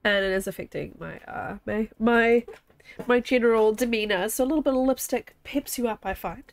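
A woman's voice: on the high side, normal speed. Chatty woman streamer, slightly under the weather. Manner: chatty, excitable, thinking aloud. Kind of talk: casual game commentary.

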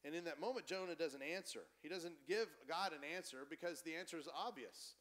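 A man preaching a conversational, animated sermon as pastor in a church. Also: a little high, a little fast. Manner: animated, conversational preaching, acts out quoted voices.

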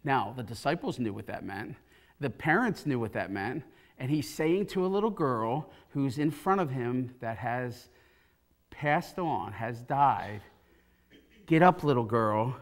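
A man preaching a sermon from a church pulpit, retelling a scripture story with animated, acted-out quotes. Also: mid-range voice, a little slow. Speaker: pastor. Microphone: pulpit mic.

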